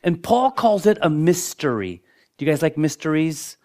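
A man preaching a sermon as pastor, shifting between strong emphasis and soft, hushed moments, often repeating words as he builds a point. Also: a little high, very animated, moderate pace. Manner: dynamic preaching, dropping to near-whispers for emphasis.

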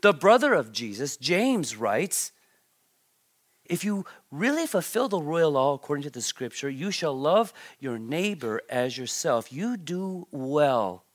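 A man preaching a sermon as a pastor, reading scripture and asking the congregation questions, with emphatic bursts and quiet asides. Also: a little high, sing-song, unhurried. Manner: emphatic, swings between loud stresses and quiet asides, repeats words.

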